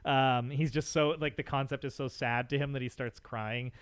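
A man's voice: mid-range voice, steady tone, moderate pace, clear, resonant tone, dry recording. A man co-hosting a podcast, recapping an episode in casual chat with enthusiasm and frequent laughs. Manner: enthusiastic, laughs between points. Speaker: podcast co-host.

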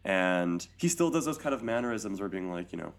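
A man co-hosting a podcast in casual chat, animated and laughing often, acting out quotes. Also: sits low, brisk, vocal fry. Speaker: podcast co-host.

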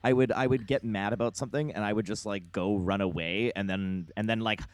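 A man's voice: fairly low pitch, steady tone, a little fast, no room sound. A man co-hosting a podcast in casual chat, hesitant, with many fillers and laughs. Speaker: podcast co-host.

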